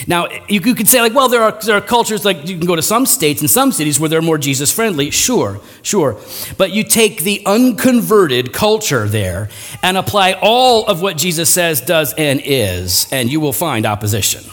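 A man preaching a sermon, animated and self-deprecating, acting out quick voices mid-sentence. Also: on the high side, big-room sound. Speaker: pastor.

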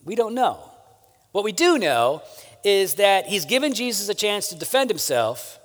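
Man, pastor, conversational sermon, high voice, very animated intonation, long hall reverb. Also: moderate pace. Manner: conversational, asks "right?" often.

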